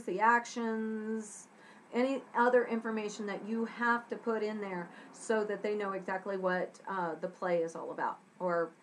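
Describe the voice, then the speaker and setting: A woman's voice: medium pitch, poor audio. A woman teaching a scriptwriting lesson to young students. She acts out short example lines in different voices and checks in often with "okay?".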